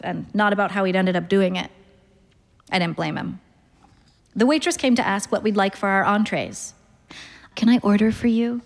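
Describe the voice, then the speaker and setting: A woman's voice: mid-range voice, in a large hall. A woman reading first-person literary fiction aloud in a wry, understated way. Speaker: narrator.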